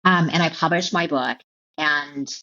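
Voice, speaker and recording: A middle-aged woman telling her personal story as an interview guest, halting and emotional, with many restarts and repeated words. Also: sits low, pushed and bright. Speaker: author and keynote speaker, guest. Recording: dull lo-fi audio.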